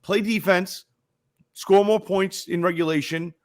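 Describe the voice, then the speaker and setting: A man's voice: high-pitched, fairly even intonation, a little slow. A man co-hosting a casual sports podcast, blunt and profane, hammering his points with repeated phrases. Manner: blunt, profane, emphatic with frequent repetitions. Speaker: podcast co-host.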